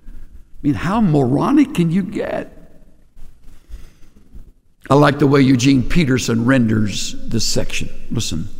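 A man preaching a sermon to his congregation, animated, acting out quoted voices with big swings in pitch. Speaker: pastor. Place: church sanctuary. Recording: long reverb of a large hall.

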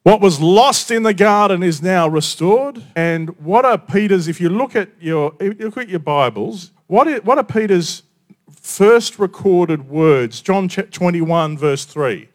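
Male pastor, casual storytelling sermon, voice a touch high, goes soft to make a point. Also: lively intonation, measured pace. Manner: conversational storytelling, stammers on restarts, drops quiet for emphasis. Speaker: preacher.

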